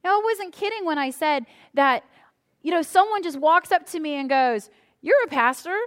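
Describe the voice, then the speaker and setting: A woman's voice: very high voice, expressive, moderate pace, fairly bright tone. A woman pastor preaching a conversational sermon to a congregation, acting out little prayers as she goes. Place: church before a congregation.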